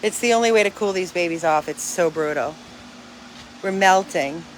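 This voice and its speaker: A woman's voice: fairly low pitch, normal speed, a little hiss or hum. A woman who runs a dog rescue, talking to her followers outdoors in an earnest, emphatic, chatty way. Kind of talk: casual vlog to followers.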